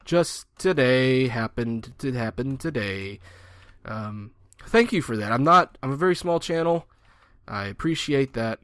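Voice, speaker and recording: A man's voice: medium pitch, lively intonation, normal speed, fairly bright tone, dry recording. A man in his twenties giving rambling, joking gameplay commentary and mocking himself. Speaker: gaming channel host.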